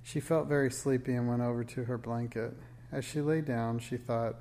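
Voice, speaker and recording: A man reads a children's storybook aloud at a steady, gentle pace. His voice is mellow and dark with a gravelly texture underneath. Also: medium pitch, normal speed. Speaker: reader. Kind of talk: storybook read-aloud narration.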